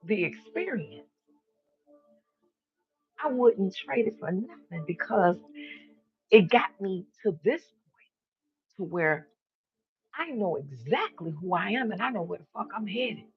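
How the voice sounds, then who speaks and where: A man's voice: high voice, very animated, takes it slowly, pauses often, highs cut off. A man hosting a live stream, giving an emphatic spiritual monologue and repeating his declarations, with casual swearing.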